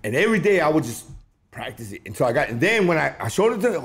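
A man's voice: fairly high pitch, racing. A man from the Los Angeles area telling a story in casual, slangy speech, acting out the voices of the people in it. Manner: animated, slangy, acts out quoted voices.

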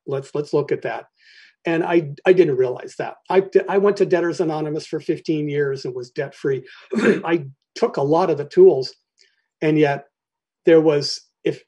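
A middle-aged man telling his personal recovery story to a meeting, halting and candid, often clearing his throat between phrases. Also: a little high, mellow.

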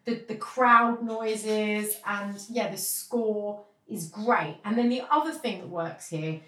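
A woman's voice: medium pitch, slow pace, a bit bright, roomy sound. A woman co-hosting a podcast, chatting casually and enthusiastically about games and laughing often. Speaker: podcast co-host. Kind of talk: casual chat.

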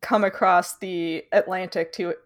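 A woman's voice: fairly low pitch, fairly even intonation, a little slow. Chatty young Canadian woman explaining. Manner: chatty, explains at length, laughs often. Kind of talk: casual chat.

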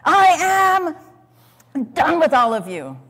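Woman shouting as an angry young man. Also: high-pitched, big pitch swings, slow, voice pushed up, heavily acted. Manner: shouting, strained. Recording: long hall reverb.

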